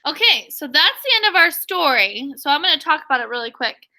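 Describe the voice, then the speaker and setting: High bright-voiced woman teaching online. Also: fairly quick. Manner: animated storybook reading, questioning pupils. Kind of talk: online reading lesson, reading a picture book aloud. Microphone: video call.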